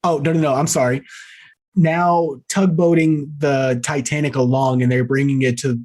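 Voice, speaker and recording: A man in casual conversation, recapping a movie plot with a mocking, loose delivery. He laughs often and drops crude jokes as he goes. His voice sits at an ordinary middle pitch. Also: fairly even intonation, moderate pace, a little mellow. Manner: laughing, mocking, profane asides. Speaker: podcast co-host. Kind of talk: casual movie-review chat.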